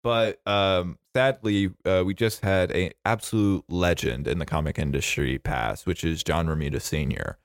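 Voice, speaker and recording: A man's voice: low voice, moderate pace, few pauses, no room sound. A young man co-hosting a casual movie news podcast, laughing often and making dry jokey asides. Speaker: podcast co-host.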